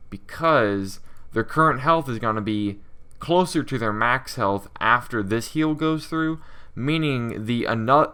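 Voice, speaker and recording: A man's voice: medium pitch, pushed and bright. A man giving a casual coding walkthrough as a game developer, thinking aloud with lots of fillers.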